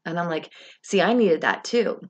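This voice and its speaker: A young adult woman telling a lively, casual story about her faith, acting out her own words and other people's as she goes. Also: fairly low pitch, moderate pace. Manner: animated, rising excitement, quoting herself and others. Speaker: vlogger sharing a faith testimony.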